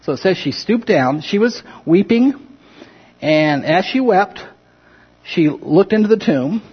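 Husky-voiced man teaching a Bible class. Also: high-pitched, animated, a little slow, dull audio. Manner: conversational, paraphrases scripture with acted-out quotes, asks the class questions. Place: classroom or church room with a group.

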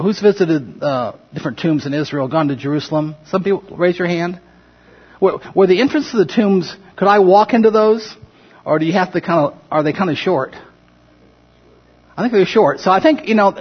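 A man's voice: a little high, breathy edge, dull audio. A man leading an informal Bible class, talking conversationally, asking the group questions and acting out scripture quotes in his own words. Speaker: Bible study teacher. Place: classroom or church room with a group.

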